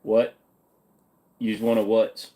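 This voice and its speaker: Laid-back man, low voice, reading chat. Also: monotone, takes it slowly, dark tone. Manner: reads viewer questions aloud and answers offhand; swears casually, jokey. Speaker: livestream host answering chat. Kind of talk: casual chat.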